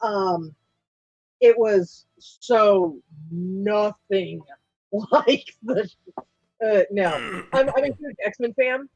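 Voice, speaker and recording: A woman's voice: medium pitch, extremely slow, darkish tone, no echo, highs cut off. An Australian woman from Australia, a guest in a casual live-stream chat, talking in an enthusiastic, chatty way. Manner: enthusiastic, chatty fan talk.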